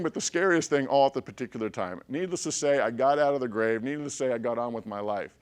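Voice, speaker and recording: A man telling a personal story to a group of listeners. He talks in an animated way, swinging between loud bursts and hushed stretches and checking in with his listeners as he goes. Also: mid-range voice, fast, few pauses, clear, resonant tone. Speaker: motivational speaker.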